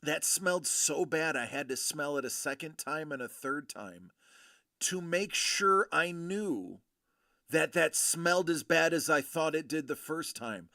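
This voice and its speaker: A man doing casual live-stream commentary while opening collectible cards, joking and reacting loudly. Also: a little high, animated, unhurried, vocal fry, no echo, clean studio sound.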